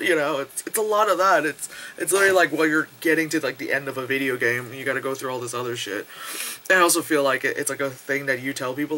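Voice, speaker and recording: A man giving a casual spoken movie review into a nearby camera, rambling, swearing and excitable, with lots of fillers. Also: fairly high pitch, fairly quick. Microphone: camera close to the face.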